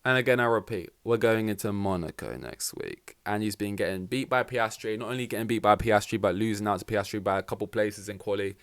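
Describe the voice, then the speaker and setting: Excitable young man podcast host. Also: on the low side, brisk, hardly any pauses, clear, resonant tone. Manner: excitable, rambling, swears freely. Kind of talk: casual race reaction commentary.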